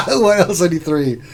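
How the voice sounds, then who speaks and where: A man's voice: high voice, creaky, a little hiss or hum. A man hosting a casual gaming live stream, joking, laughing often and thinking aloud. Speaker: gaming channel host. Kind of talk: casual live-stream chat reviewing game rosters.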